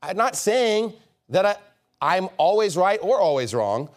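A pastor preaching a sermon in a church, conversational and lively, acting out little bits of dialogue. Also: male voice, high voice, a little slow. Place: church sanctuary.

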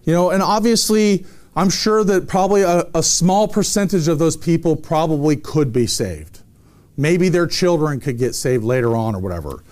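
A man preaching a sermon with a somewhat high voice. He moves between reading scripture and loose, emphatic commentary. He often pauses and restarts mid-sentence. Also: expressive, darkish tone.

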